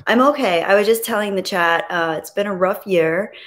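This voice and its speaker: A woman hosting a casual live stream, greeting viewers and reading their messages aloud, soft and reflective when she talks about grief. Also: mid-range voice, normal speed.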